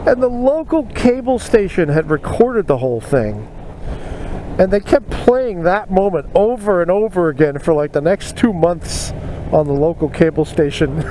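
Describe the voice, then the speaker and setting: Chatty high-voiced man riding in traffic. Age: 40s. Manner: chatty, self-mocking, laughs at his own stories. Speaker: motorcycle vlogger. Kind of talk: casual storytelling while riding. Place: on a motorcycle in city traffic outdoors. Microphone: helmet-mounted mic. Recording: loud traffic and road noise.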